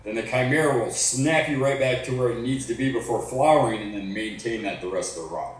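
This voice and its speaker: A man's voice: medium pitch, fairly quick, slight background noise. A man who makes soil products, explaining technical details in a casual chat. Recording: far from mic in a very echoey room.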